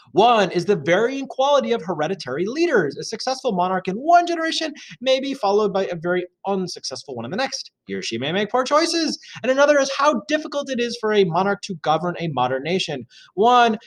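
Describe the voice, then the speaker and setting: A male teacher reads through a lesson and talks it over in a chatty, joking way. His voice sits a little high and swings lively up and down, with plenty of fillers between points. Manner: chatty, jokey asides, frequent fillers. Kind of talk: reading and explaining a lesson.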